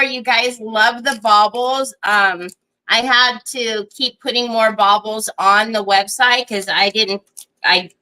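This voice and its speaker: A woman's voice: on the high side, bright, forceful tone, clean tone, low-quality recording. A middle-aged woman, hosting a craft livestream in casual, rambling chat, greeting viewers by name and laughing often.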